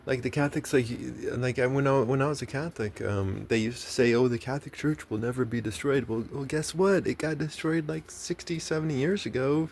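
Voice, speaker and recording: A man's voice: medium pitch, normal speed, gravelly. An American man ranting casually and rambling, swearing a lot and restarting his sentences, with faint background noise. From United States. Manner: profane, rambling, many restarts and fillers.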